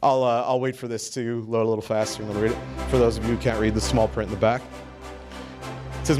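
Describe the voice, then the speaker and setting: A man's voice: medium pitch, flat delivery, fast, a little mellow. A man hosting a comedic awards segment on a conference stage, joking, stammering, reading out quotes. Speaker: awards host. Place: conference stage with music playing. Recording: music in the background.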